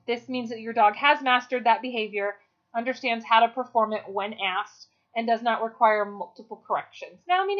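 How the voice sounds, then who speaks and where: Chatty woman explaining dog training. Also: on the high side. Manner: practical, chatty, with fillers. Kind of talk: instructional talk. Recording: dull lo-fi recording.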